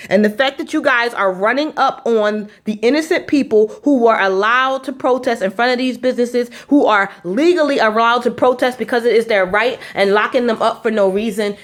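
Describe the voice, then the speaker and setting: A woman's voice: on the high side, moderate pace, hardly any pauses. A woman blogger giving a fiery, preachy live-stream address, repeating herself and swearing bluntly. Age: adult with four children.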